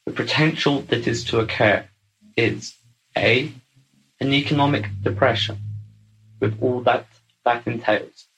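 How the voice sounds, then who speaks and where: A man's voice: medium pitch, steady tone, unhurried, pauses often, a bit bright, slightly rough, low-quality recording. A man giving a formal, pompous address as guest speaker, in wordy, solemn phrasing.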